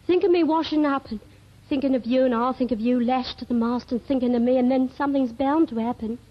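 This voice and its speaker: A woman's voice: high voice, fast. An actress playing a young woman on the telephone to her sailor sweetheart, clingy and jealous, chattering breathlessly in a 1930s radio comedy. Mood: pleading. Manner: breathless one-sided phone chatter, fretful and pleading. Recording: dull old radio archive recording.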